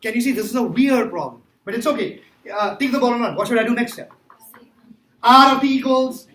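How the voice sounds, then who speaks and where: Here a male teacher runs a calculus class, his very high voice brisk, a bit bright, and full of lively intonation. He works problems emphatically, repeating points and firing questions at students, all captured in an echoey room with faint noise.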